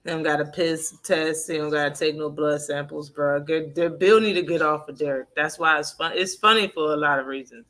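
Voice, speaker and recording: Woman on her live boxing stream, crisp bright voice, cussing and cracking up, talking to chat. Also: low voice, steady tone, brisk, few pauses. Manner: loose, profane, laughs often, talks back to chat.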